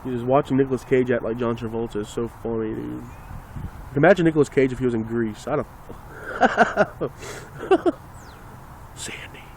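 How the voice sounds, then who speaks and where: A man's voice: medium pitch, steady tone, fast, creaky, a little mellow, slight background noise. A man ranting casually and sarcastically into a phone, rambling and swearing as he talks. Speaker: vlogger.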